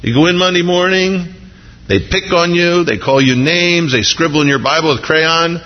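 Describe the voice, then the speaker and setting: A man preaching a sermon as pastor, animated and jumping into excited voices when he acts out quotes. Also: fairly high pitch, normal speed, big-room sound, lo-fi sound, slight background noise.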